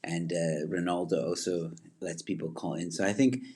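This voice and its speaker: A man with a deep voice hosts a casual livestream, chatting loosely with viewers. He rambles, trails off and restarts, filling gaps with lots of ums. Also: steady tone, moderate pace, a little mellow. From Zimbabwe. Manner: rambling, many fillers and restarts. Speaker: livestream host. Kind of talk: casual livestream chat reading viewer comments.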